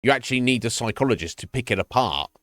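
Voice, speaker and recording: Male livestreamer, mid pitch, casual profane rants with repeats and laughs, dry close sound. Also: fast, no echo. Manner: animated, profane, repeats words, laughs often. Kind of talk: casual ranting chat while gaming. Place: home streaming setup.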